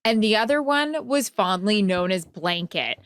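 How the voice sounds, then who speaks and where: A woman's voice: mid-range voice, animated, measured pace, a bit bright, smooth. A woman co-hosting a casual chat podcast, telling stories with lots of "like". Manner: chatty, storytelling with frequent "like". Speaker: podcast co-host.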